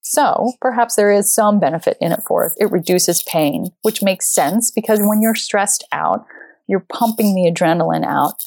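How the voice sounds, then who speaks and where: A woman in her thirties or forties telling a personal story and talking it through, animated and acting out quotes with sudden jumps in pitch. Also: dry recording. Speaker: speaker.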